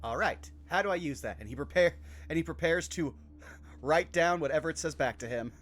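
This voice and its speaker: A man in his thirties plays a tabletop game, chatting casually and joking between actions. His voice sits a little higher than most men's. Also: animated, brisk, a bit bright. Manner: casual, joking, many fillers. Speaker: player.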